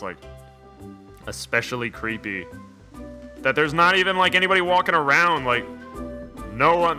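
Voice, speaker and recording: Young man, casual gameplay commentary, rambling, jokey, bright sharp tone, mid-pitched. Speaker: video game let's player.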